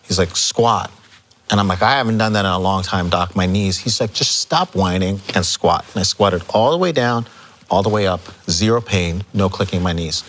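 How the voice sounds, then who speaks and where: A man telling stories as an interview guest, acting out quoted dialogue with lively energy. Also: sits low, normal speed. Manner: animated storyteller, acts out quoted dialogue. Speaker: chiropractor guest. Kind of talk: casual storytelling interview.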